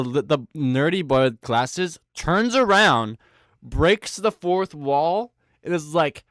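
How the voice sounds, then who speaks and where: A man's voice: mid-range voice, a bit bright. A young man giving a casual, rambling, wisecracking recap commentary, full of slang. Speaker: commentary host.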